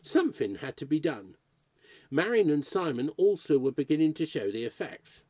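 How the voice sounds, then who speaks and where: A man reading a short story aloud as narrator, in a lively, expressive storytelling manner. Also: fairly high pitch, moderate pace, dry recording.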